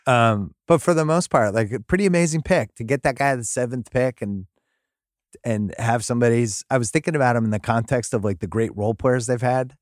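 A male podcast host chatting casually about sports, his voice sitting at an average pitch. He rambles and gets excited, and the recording is dry with no room sound. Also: fairly quick, no room sound. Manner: rambling, excitable, breaks into laughs.

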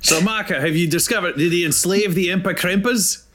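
A man's voice: sits high, fairly quick, fairly bright tone, slight background noise. A man playing in a tabletop game, reasoning earnestly with the group. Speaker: player. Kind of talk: tabletop role-play.

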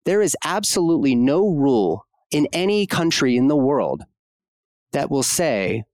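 A man's voice: medium pitch, big pitch swings, a little slow, darkish tone, dry recording. Frank, impassioned man in dry recording. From United States. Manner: passionate, frank, casual with swearing and fillers. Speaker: podcast guest, obstetrician-gynecologist. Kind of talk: conversational podcast interview.

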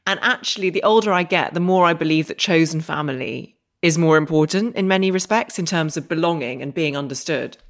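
A woman's voice: low voice, a little fast, few pauses. A woman hosting an interview, answering with reflective thoughts. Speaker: podcast host. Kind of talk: interview chat.

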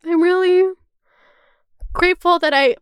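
In a dry, clean studio recording, a twenties-aged woman with a very high voice talks a little slowly and with fairly even intonation. Hosting a podcast, she rambles through an emotional, candid chat full of "like" and casual curse words.

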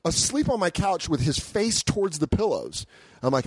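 A man telling a wild story in an excitable, animated way, acting out the voices of the people in it. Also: a little high, normal speed, husky, dry recording, clean studio sound. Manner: excitable, acts out voices while telling stories. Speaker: podcast guest.

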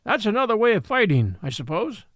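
A man's voice: sits high, sing-song, brisk, a bit bright, dry recording, clean studio sound, pitched above the performer's own voice. A man voicing a cocky, quarrelsome army mule who talks in a blustering, indignant way. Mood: grumbling.

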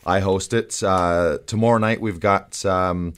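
Deep-voiced relaxed man, radio guest. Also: unhurried, smooth. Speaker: comedy show host, guest. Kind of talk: casual radio interview.

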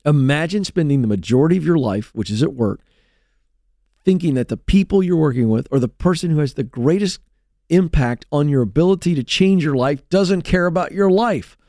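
A man's voice: on the high side, animated, brisk, dark tone, no room sound. A middle-aged man hosting a talk show, speaking in an emphatic, storytelling manner into a studio mic. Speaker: host.

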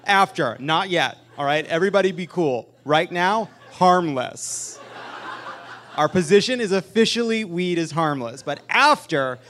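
A man hosting a live comedic political talk show on stage, joking and animated, with loud emphatic bursts. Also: high voice, measured pace, a little hiss or hum. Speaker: podcast host.

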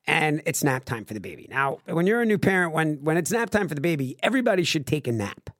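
A man's voice: a little high, big pitch swings, fast, fairly bright tone, no echo, studio quality. A man co-hosting a podcast, telling a story in an emphatic, blunt, joking manner. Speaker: podcast co-host. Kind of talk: casual chat.

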